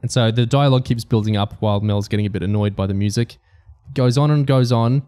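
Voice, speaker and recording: A man's voice: medium pitch, fast talker, warm tone, clear, resonant tone. A man co-hosting a podcast, discussing a book and reading passages from it aloud. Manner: reads quoted passages aloud between comments. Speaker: podcast co-host.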